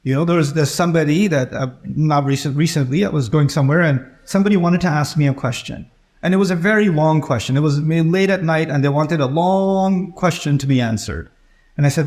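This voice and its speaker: A man's voice: fairly high pitch, fairly quick, a little mellow. A middle-aged man giving an Islamic lecture, telling stories and acting out the voices of the people in them. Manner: storytelling, acts out quoted voices. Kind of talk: religious lecture.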